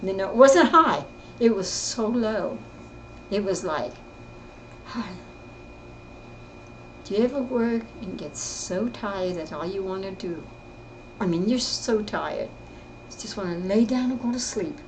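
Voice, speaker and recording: An older woman telling her own story in casual, rambling speech, often halting and repeating herself. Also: mid-range voice, lively intonation, a little hiss or hum, poor audio. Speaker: interviewee recounting her life. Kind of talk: casual spoken reminiscence.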